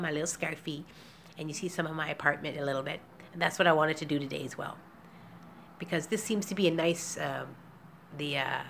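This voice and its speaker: A woman's voice: lowish voice, gravelly, fairly bright tone, a little hiss or hum. A woman vlogging from her apartment in a rambling, candid way, emotional and close to tears, laughing nervously between thoughts. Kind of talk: emotional personal vlog. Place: small apartment indoors.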